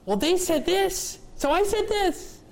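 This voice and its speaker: A man putting on a high nagging squabbler. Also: lively intonation, vocal fry, heavily acted. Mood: bickering. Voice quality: high, drawn-out nagging singsong. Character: petty squabbling spouse tallying who said what.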